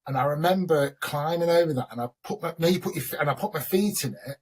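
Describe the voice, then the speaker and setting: Husky man, middle-aged, rambling chatty storyteller, casual chat. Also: a little high, fast talker, a little mellow. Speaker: host.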